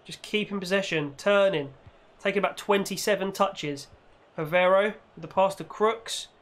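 Male gaming creator with a high voice, lively commentary that breaks into shouts. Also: normal speed. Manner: reacts loudly, shouts at goals and the referee. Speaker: gaming YouTuber. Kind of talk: excitable gameplay commentary.

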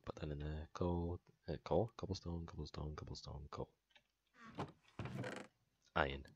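A man's voice: rumbling low, flat delivery, a little slow, dull audio, background noise. A man hosting a gaming channel, narrating his own moves in a playful let's play commentary with sound effects.

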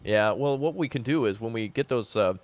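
A man hosting a multiplayer game session in casual chat with friends, rambling and joking, quick to exclaim. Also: medium pitch.

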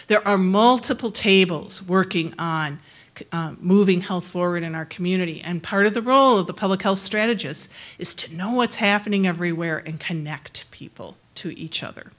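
Plain-spoken woman presenter, lowish voice. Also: normal speed. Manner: friendly, plain-spoken, laughs easily between points. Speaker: public health researcher giving a presentation. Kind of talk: conversational presentation to a forum.

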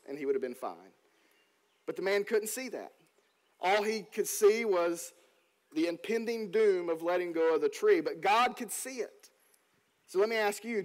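A male pastor delivering a sermon, telling stories earnestly and slowing down to read scripture. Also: high voice, rough recording. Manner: earnest storytelling, slows down on scripture.

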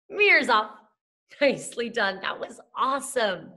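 A woman's voice: a little high, sing-song, measured pace, sharp tone. A woman teacher leading a phonics lesson for young children, chanting letters and sounds and praising the class. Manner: sing-song chanting of letters and sounds, encouraging.

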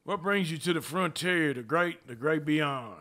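A man doing an outlaw cowboy impression in game voice chat, gravelly, drawling in old-west slang and teasing the other players. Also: on the high side, moderate pace, sharp tone. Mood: gruff drawl. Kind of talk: in-game voice chat role-play.

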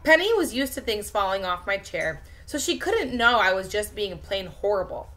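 Bright-voiced woman reading aloud to a class. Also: mid-range voice. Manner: lively expressive reading, pausing to talk to a baby and the class. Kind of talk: interactive read-aloud for children.

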